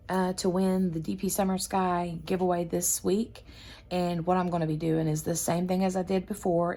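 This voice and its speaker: A woman's voice: fairly low pitch, a little mellow. A woman hosting a craft channel, chatting casually and rambling with lots of fillers. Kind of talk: casual chat.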